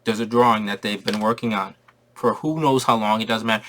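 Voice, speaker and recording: A man giving a casual movie review who talks in an excitable, rambling way and repeats his phrases. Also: lowish voice, a little fast, slight background noise.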